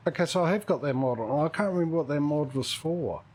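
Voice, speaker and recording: A man streaming a multiplayer farming game, chatting casually and thinking out loud as he plays. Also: fairly high pitch, lively intonation, fast, low-quality recording. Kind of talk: casual gaming chat.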